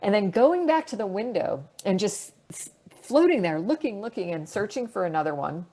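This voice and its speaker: A middle-aged woman, an astronaut guest, telling stories casually on a video call, animated and laughing often, with many fillers. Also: medium pitch, moderate pace. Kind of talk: casual storytelling answers.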